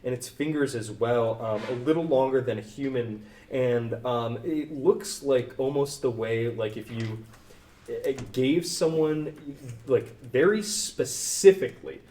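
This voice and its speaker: A man's voice: mid-range voice, a little slow, mellow, a little hiss or hum. A male game master describes a scene in a loose, rambling way, full of fillers and restarts. His voice sits mid-range. It was recorded in a roomy space with the mic some distance away. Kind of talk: narrating a tabletop game.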